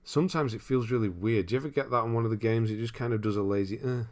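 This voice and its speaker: Low-voiced man chatting on a livestream. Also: racing, a little mellow. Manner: rambling, chuckles often, thinks aloud. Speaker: livestream host reading viewer comments. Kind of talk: casual live-stream chat.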